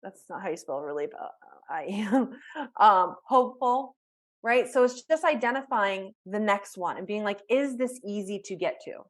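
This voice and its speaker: A woman coaching a group over a video call, her mid-range voice rising and falling in a lively, animated way. She talks conversationally, breaking off and restarting sentences as she acts out examples of self-talk. The tone is that of a live online workshop. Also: medium pitch, normal speed. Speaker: life coach.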